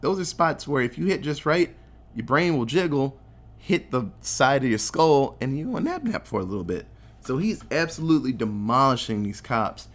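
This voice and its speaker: A man speaking at a moderate pace in a mid-range voice recaps a film's plot on a podcast. It's a casual, profane chat, and he animatedly acts out the characters' lines as he goes.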